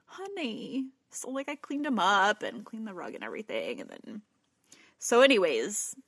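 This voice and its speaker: Chatty woman rambling through a story, swears a bit, mid pitch, dry close sound. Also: wildly swooping pitch, moderate pace, a bit bright, husky, no echo. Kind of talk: casual chat.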